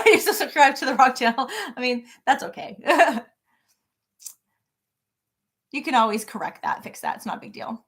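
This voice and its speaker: Middle-aged woman, slightly high voice, bubbly live-stream host chatting from her home office. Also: expressive, fairly quick, a bit bright. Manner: bubbly, greets viewers by name. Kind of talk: casual live-stream chat.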